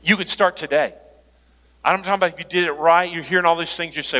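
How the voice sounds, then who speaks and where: A man preaching a sermon as pastor, animated, joking aside and laughing now and then. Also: a little high, fairly quick. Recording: long hall reverb.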